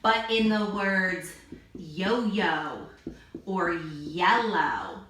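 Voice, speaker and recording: A woman teacher giving a phonics lesson to young children, slowly sounding out each vowel and letter. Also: lowish voice, fairly bright tone, a little hiss or hum. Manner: slow, drawn-out sounding of letters. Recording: echoey room, distant mic.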